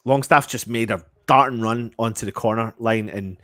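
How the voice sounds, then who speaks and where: Exasperated fan commentator, dry close sound. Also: male voice, mid-range voice, moderate pace, no room sound. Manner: exasperated, swearing, shifts from muttering to shouting. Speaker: fan channel match commentator. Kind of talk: live fan reaction commentary.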